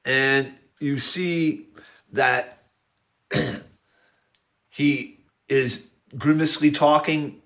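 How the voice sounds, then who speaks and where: A man's voice: medium pitch, animated, slow, pauses often. Earnest man narrating over pictures. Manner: earnest, repetitive pointing-out narration, occasional yelled quotes. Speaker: video narrator.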